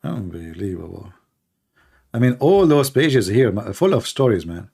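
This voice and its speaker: A man's voice: on the low side, sing-song, measured pace, gravelly, warm tone, slightly rough. A man hosting a debate channel, giving sarcastic, incredulous commentary on religious texts.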